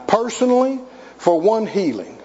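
A man preaching a sermon, telling a story and growing emphatic, close to shouting at times. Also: high voice, sing-song, normal speed, slightly rough. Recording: dull, reverberant hall.

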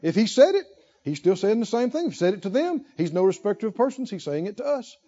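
A man's voice: high-pitched, very animated, quick pace, mellow, highs cut off. A man preaching a sermon, asking rhetorical questions and repeating lines for emphasis. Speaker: pastor.

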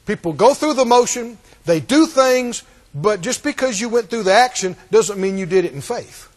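High, lively-voiced preacher man in a reverberant hall. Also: normal speed. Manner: emphatic, repetitive, call-and-response. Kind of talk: sermon.

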